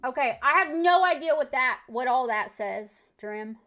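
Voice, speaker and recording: A woman streamer chatting casually and playfully, swearing freely and sounding out French words slowly. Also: sits high, expressive, a bit bright, soft background music. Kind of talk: casual live-stream chat.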